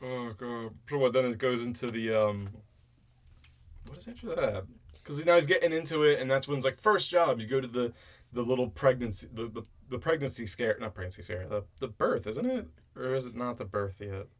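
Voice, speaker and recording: A man co-hosting a casual film review podcast, recapping scenes with animated bits of mock dialogue. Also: medium pitch, a little fast. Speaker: podcast co-host.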